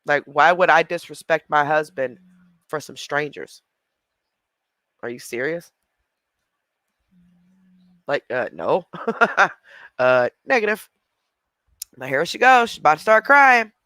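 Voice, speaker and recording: A woman's voice: low voice, expressive, takes it slowly, pauses often, pushed and bright, dry recording. A woman giving blunt, mocking reaction commentary on a livestream.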